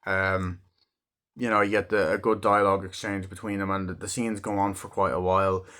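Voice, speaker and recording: Low-voiced man ranting about films. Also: flat delivery, a little fast, fairly bright tone. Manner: rambling, swears freely, acts out scenes in raised voices. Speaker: movie reviewer. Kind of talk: casual movie review.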